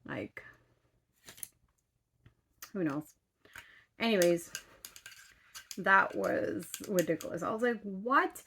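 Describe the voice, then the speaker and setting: A woman's voice: mid-range voice, animated, takes it slowly, gravelly, long pauses, a bit bright, a little hiss or hum. A woman in her thirties telling a story in casual chat as a vlogger, exasperated, swearing casually and full of fillers. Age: 30s.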